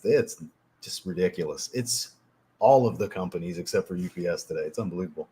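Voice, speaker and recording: A man hosting a fragrance livestream, chatting casually, telling profane, animated stories and reading out chat messages. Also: mid-range voice. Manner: animated, profane storytelling, reads chat aloud. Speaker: livestream host.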